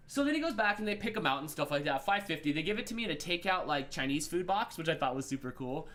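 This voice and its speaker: A man's voice: high voice, fast talker, few pauses. A man hosting a morning show, telling a long rambling story and acting out the other people in it. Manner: rambling, animated, acts out voices of people in his story. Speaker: host. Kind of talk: casual storytelling monologue.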